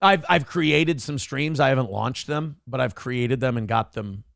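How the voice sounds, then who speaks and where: A man's voice: medium pitch, measured pace, creaky, a bit bright, no echo, studio quality. A man hosting a morning talk show, chatting casually with a sarcastic, rambling delivery.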